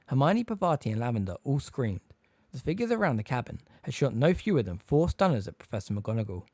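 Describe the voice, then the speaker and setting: A man narrating an audiobook in an expressive, lively storytelling manner on a close mic. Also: mid-range voice, quick pace, no room sound.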